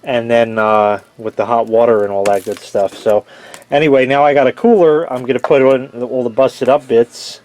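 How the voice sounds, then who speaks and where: A man's voice: medium pitch, steady tone, normal speed, darkish tone, a little hiss or hum. A man chatting casually in a rambling, self-mocking way while filming a home vlog in his kitchen. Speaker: video creator.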